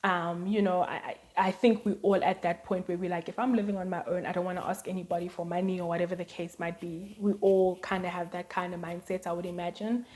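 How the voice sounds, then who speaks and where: A woman's voice: lowish voice, little pitch movement, fast, hardly any pauses, a little mellow. A woman vlogger chatting casually to her viewers, telling personal stories with lots of "like" and "um". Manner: chatty, storytelling, many fillers and "like". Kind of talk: casual chat to camera.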